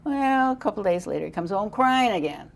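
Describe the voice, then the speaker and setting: A woman's voice: medium pitch, lively intonation, fairly quick, vocal fry, slight background noise. An older woman as an interview guest on parenting, telling stories in an earnest, emphatic way. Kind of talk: interview storytelling.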